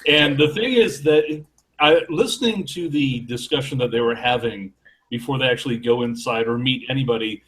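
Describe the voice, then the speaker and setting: A man's voice: mid-range voice, fairly quick, a bit bright, low-quality recording. A man co-hosting a casual podcast chat, speaking in a wry, sarcastic way. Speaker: podcast co-host.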